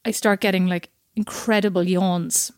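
A woman's voice: on the low side, steady tone, normal speed, no room sound, studio quality. A woman co-hosting a podcast in casual chat, talkative and acting out the voices of people she quotes. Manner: chatty, acts out quoted voices. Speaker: podcast co-host.

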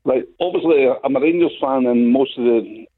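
A man's voice: mid-range voice, normal speed, husky. A man calling into a radio show, hesitant and rambling. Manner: hesitant, rambling, many fillers. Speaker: caller. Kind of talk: phone-in call. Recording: tinny phone line.

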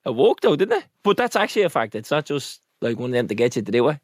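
A young Irish man co-hosting a podcast, teasing his friend with quick comebacks in casual banter. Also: medium pitch, sing-song, no echo, studio quality. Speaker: podcast co-host.

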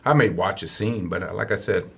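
Gravelly man, halting and thoughtful. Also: low-pitched. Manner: halting, with many restarts and chuckles. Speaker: interview guest. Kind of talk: archived interview answers.

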